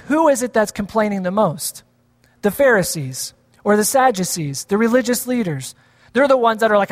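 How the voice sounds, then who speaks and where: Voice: medium pitch, big-room sound. A pastor giving a conversational sermon, often asking the congregation questions.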